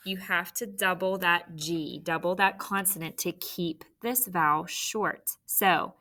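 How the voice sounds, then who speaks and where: A woman's voice: on the low side, steady tone, measured pace, hardly any pauses, pushed and bright. A woman teacher leading a spelling lesson, sounding out words letter by letter.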